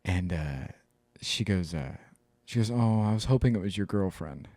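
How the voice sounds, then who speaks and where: Animated low-voiced man in close dry chat. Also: moderate pace, no echo. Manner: animated storytelling, mimics others, swears. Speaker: podcast co-host. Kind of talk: casual chat.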